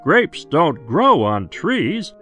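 A man voicing a nervous, boastful male fox in a picture-book reading, with a high, excited storybook voice. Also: extremely slow, faint music behind, heavily acted.

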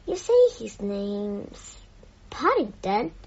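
A woman playing a booming, pompous store boss. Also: sing-song, extremely slow, gravelly, husky, exaggerated voice. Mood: curious. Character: pompous booming important male store manager. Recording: dull lo-fi, faint music behind.

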